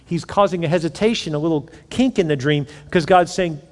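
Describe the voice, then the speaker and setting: A man preaching a sermon as pastor, swinging from loud to hushed and acting out quoted voices. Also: on the high side, fairly quick, few pauses. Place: church auditorium. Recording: long reverb in a large hall.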